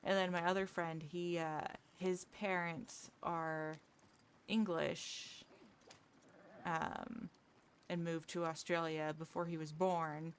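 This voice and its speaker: A woman talks loosely with her viewers as she plays. Her voice sits a little low. She rambles, restarts her sentences and laughs easily. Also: little pitch movement, slow, a little hiss or hum. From United States. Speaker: livestreamer. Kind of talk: casual chat with viewers while gaming.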